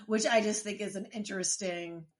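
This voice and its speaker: A woman's voice: medium pitch, steady tone, normal speed. A woman co-hosting a podcast, chatting casually about a TV episode, often trailing off and restarting her sentences. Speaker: podcast co-host. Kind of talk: casual chat recapping a TV episode.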